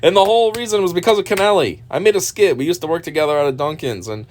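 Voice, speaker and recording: A man's voice: fairly high pitch, animated, rapid-fire, slight background noise. A man hosting a reaction video, giving casual, profane, mocking commentary and laughing often.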